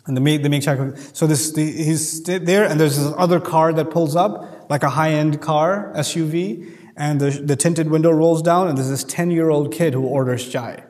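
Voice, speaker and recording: A man's voice: a little high, moderate pace, a little mellow, long reverb tail. A man giving a Quran commentary lecture, earnest and emphatic, often repeating key phrases. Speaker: Quran teacher.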